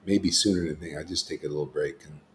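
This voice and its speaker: A man's voice: extremely low pitch, steady tone, fast, a little hiss or hum. A man hosting a casual spiritual discussion, rambling and often saying "see" and "you know.". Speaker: host.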